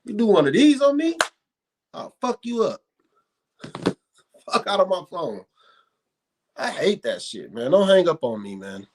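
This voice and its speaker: A man's voice: sits high, measured pace, long pauses. A man in casual podcast chat, telling stories with lots of swearing and emphatic repetition. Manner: animated, profane storytelling, emphatic repetition.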